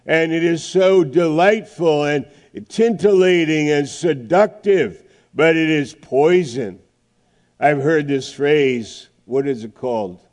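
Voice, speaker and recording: A middle-aged man preaching a sermon, emphatic, with dramatic pauses and swings from loud to hushed. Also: fairly high pitch.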